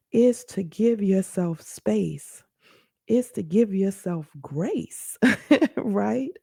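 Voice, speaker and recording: A woman's voice: mid-range voice, creaky, dark tone, no echo. Woman host, earnest teaching talk, dry close sound. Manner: earnest, conversational, speaks directly to listeners. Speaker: podcast host. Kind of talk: personal storytelling and teaching.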